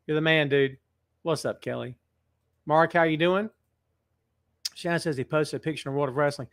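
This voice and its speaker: A middle-aged man with a somewhat high voice hosts a live wrestling chat show. He greets his viewers with animated energy and speaks earnestly when he gets serious. He is recording alone in a large building. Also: normal speed, gravelly, no echo. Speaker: wrestling podcast host. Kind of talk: casual live-stream chat. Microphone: webcam setup.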